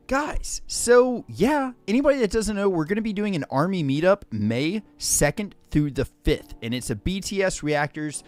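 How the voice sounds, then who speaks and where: A man hosting a livestream in casual chat, excitable and jokey, greeting viewers by name and saying "freaking" constantly. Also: sits high, no echo. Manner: excitable, says "freaking" constantly, shouts out names; jokey and hyperbolic. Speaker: livestream host.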